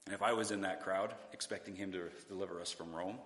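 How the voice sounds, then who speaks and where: A man's voice: low voice, steady tone, fast, fairly bright tone, roomy sound, in a large hall. A man preaching a sermon in a church, talking in a conversational way, asking the congregation rhetorical questions and sometimes restarting his words. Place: church sanctuary.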